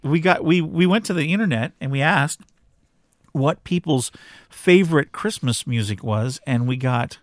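A man's voice: on the high side, moderate pace, dry recording, studio quality. A middle-aged man co-hosting a casual home podcast, talking in a rambling, easygoing way with frequent restarts. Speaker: podcast co-host.

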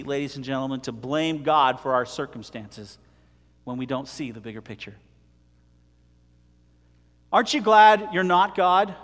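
Animated high-voiced male preacher. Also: long reverb tail. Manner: animated, jokey, dramatic swings in volume. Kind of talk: sermon.

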